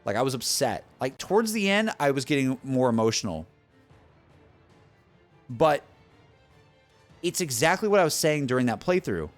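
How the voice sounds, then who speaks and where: Animated young male streamer, lively pitch. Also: normal speed, long pauses, soft background music. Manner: animated, excitable, restarts and "like" a lot. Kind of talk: casual stream chat to viewers.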